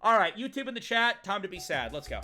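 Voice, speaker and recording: A game streamer ranting through live commentary, swearing freely and talking straight to the chat. The voice is bright and swings widely in pitch. Faint game music plays underneath. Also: sing-song, fast talker. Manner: ranting, profane, chatting with viewers.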